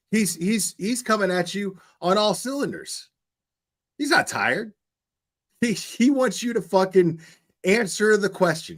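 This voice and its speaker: A man's voice: fairly high pitch, fairly bright tone. A man hosting reaction commentary, blunt and profane, hammering his points over and over. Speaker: commentary channel host.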